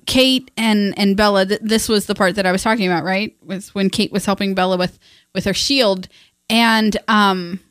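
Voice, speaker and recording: A woman co-hosting a casual book-discussion podcast, retelling scenes in halting, chatty talk full of fillers and restarts. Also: medium pitch, fairly bright tone, clear, resonant tone, dry recording, studio quality. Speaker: podcast co-host and parent.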